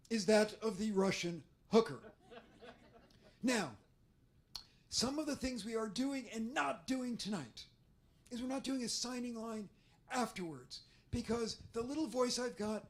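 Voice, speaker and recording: A man speaks with a hoarse, damaged voice that sits unusually high for him. He tells stories in a theatrical, self-deprecating way at a bookstore author event. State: hoarse, damaged voice after covid.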